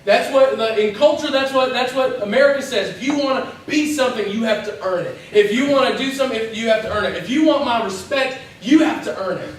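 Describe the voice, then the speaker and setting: A young man preaching in a church, his voice high for a man. He tells the story vividly, acting out its voices and slipping in quick asides, picked up from across a very echoey hall. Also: distant mic, a little hiss or hum. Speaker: pastor. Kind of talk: sermon.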